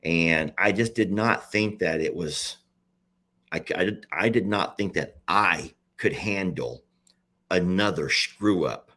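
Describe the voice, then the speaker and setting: Man, very deep voice, slow, halting, emotional, confessional vlog. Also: bright, forceful tone. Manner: halting, repeats himself, confessional. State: near tears. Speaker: animal sanctuary owner and page host.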